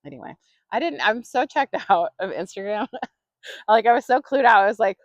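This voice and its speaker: A woman's voice: medium pitch, expressive, brisk, no room sound, lo-fi sound. A woman hosting her own podcast, talking casually and rambling with lots of fillers. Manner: chatty, rambling, many fillers and laughs. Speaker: podcast host. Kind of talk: casual solo podcast monologue.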